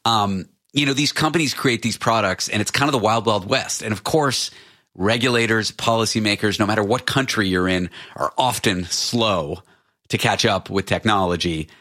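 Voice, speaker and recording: Bright-voiced man hosting a talk show. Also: lowish voice, moderate pace. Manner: animated, digressive, jokey. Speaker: radio show host. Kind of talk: casual talk show chat.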